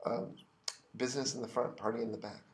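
A man's voice: medium pitch, level tone, quick pace. A man from California co-hosting a podcast, chatting in a wry, joking way. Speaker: podcast co-host. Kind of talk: casual chat.

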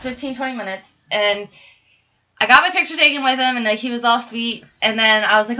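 A woman hosting a podcast, telling stories in an animated, chatty way with lots of "like". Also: on the high side, fairly quick, highs cut off. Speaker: podcast host. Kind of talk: casual chat.

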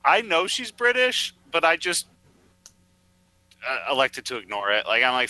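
Sharp-toned earnest man on a podcast. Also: mid-range voice, wildly swooping pitch, normal speed, pauses often, dry recording, rough recording. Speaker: podcast co-host. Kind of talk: casual chat.

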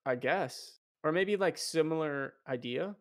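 A young man co-hosting a casual podcast, playful and teasing, quick to laugh. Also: a little high. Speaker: podcast co-host. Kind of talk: casual chat.

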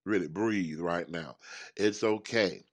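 A man hosting a motivational talk show, chatty and animated, often repeating himself. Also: sits low, slow. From United States. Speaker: host.

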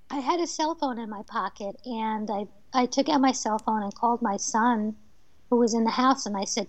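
A fairly high-pitched woman from New Jersey tells her stories in a lively way and laughs often, as a guest on a radio interview. The sound is dull and muffled, and it is dry with no room echo. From New Jersey, USA. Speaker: medium and author, guest.

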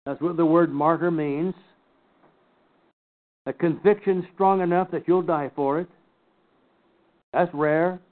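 An older man teaching a Bible class, slowly and emphatically picking apart scripture word by word. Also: a little high, fairly even intonation. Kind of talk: Bible study lecture. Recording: tinny phone-like recording.

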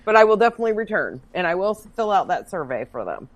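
A woman co-hosting a casual chat, telling a story in a loud, animated and profane way. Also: medium pitch, fast talker, dry recording. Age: adult working as a bartender. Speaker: podcast co-host.

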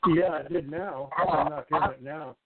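A man's voice: fairly high pitch, moderate pace. A man calling in to a poetry radio show, hesitant and groping for words. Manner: hesitant, full of fillers and restarts. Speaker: caller commenting on a poem. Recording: tinny phone line with faint noise.

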